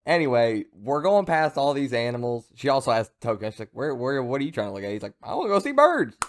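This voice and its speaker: A man's voice: mid-range voice, fast talker. A young man casually recapping a manga chapter, rambling with joking asides and lots of fillers. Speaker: manga reviewer.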